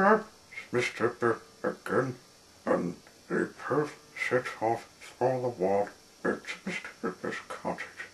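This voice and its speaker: A man reads a children's picture book aloud at an unhurried, halting pace, stumbling over words and restarting. His voice carries a gravelly edge, and his intonation rises and falls in lively swings. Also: on the low side, slight background noise. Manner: halting, with many restarts and fillers. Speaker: storyteller. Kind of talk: reading a children's story aloud.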